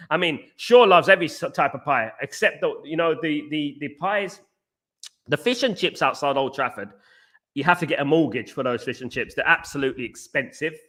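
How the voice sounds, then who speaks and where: A man's voice: on the high side, moderate pace. A man hosting a live football watchalong, rambling, repeating himself and greeting viewers in the chat. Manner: rambling, repeats phrases, shouts out chat users. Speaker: watchalong host.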